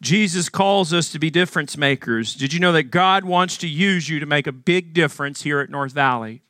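Man, from Arkansas, emphatic sermon, high-pitched, dry close sound. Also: moderate pace, bright, forceful tone, dry recording. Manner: earnest, emphatic preaching with rhetorical questions. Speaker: pastor.

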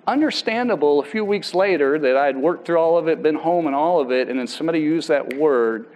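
A man, a pastor, giving a sermon and telling a personal story in a conversational way, with halting restarts and voices for people he quotes. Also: on the high side, darkish tone, poor audio.

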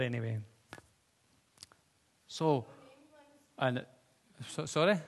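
A man preaching a sermon in a church, talking conversationally and putting questions to the congregation. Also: fairly high pitch. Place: church hall with seats. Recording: long reverb of a church hall.

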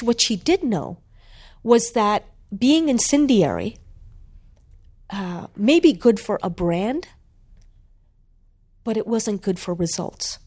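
Slow, animated woman telling a story. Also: mid-range voice, slightly rough. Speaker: author and guest. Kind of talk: storytelling in a conversation.

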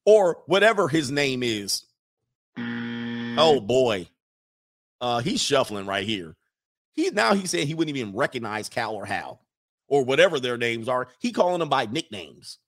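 A man delivers casual online sports commentary in an ordinary mid-pitched voice. He rambles, trips over words and circles back to fix himself as he goes. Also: very animated, normal speed, pauses often, fairly bright tone. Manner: rambling, often restarts and corrects himself.

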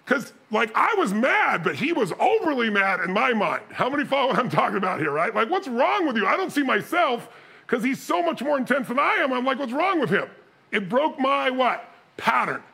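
A man giving a motivational seminar talk, telling stories with animated energy and bursts of shouting. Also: very high-pitched, a little fast, creaky, slightly rough. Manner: animated storytelling, shouting and mimicking others. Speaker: motivational speaker.

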